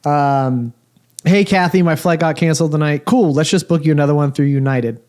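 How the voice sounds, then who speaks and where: Animated, higher-voiced man telling a story. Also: fairly quick. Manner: animated, exasperated storytelling with heavy swearing. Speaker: podcast co-host. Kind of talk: casual storytelling chat.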